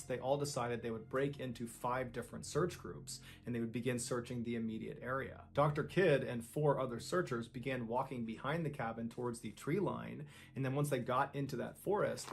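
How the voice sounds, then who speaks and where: A man's voice: mid-range voice, gravelly. A man narrating a true-crime story in a suspenseful, dramatic way, acting out the lines people said.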